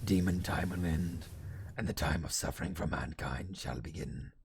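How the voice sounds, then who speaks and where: A man voicing a brooding male demon who slowly speaks theatrical, doom-laden proclamations in a low, whispery rasp during a livestream. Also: slight background noise. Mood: ominous. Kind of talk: livestream character voice.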